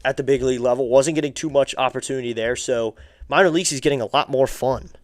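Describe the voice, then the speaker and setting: Smooth-voiced man calling a baseball stream. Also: medium pitch, fairly even intonation, fast talker, no echo. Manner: casual, chatty, asking viewers for likes and subs. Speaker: streamer doing play-by-play. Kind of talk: live-stream baseball play-by-play commentary.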